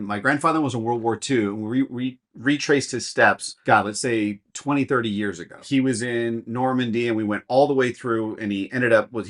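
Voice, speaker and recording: A man co-hosting a podcast, chatting casually and telling animated stories with acted-out quotes. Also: lowish voice. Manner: animated storyteller who acts out quotes. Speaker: podcast co-host. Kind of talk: casual chat, storytelling.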